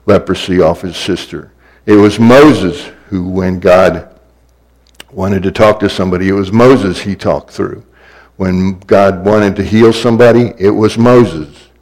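Man, preacher, sermon, unhurried delivery, repetitive rising cadence. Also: deep voice, darkish tone, poor audio. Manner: repetitive, building cadence with sudden swells.

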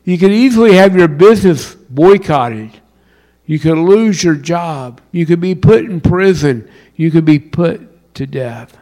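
A man with a Southern US accent from South Carolina, preaching a sermon with wide swings in pitch and loudness. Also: lively intonation, a little slow. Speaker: pastor.

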